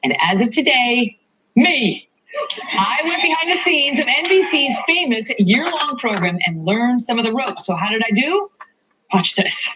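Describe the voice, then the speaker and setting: A woman talk show host walks through a TV studio, chatting in a bubbly, self-mocking way. Her voice sits fairly high and swoops in lively arcs of pitch. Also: moderate pace, rough recording. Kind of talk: playful on-location TV segment. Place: TV studio and halls, touring on foot.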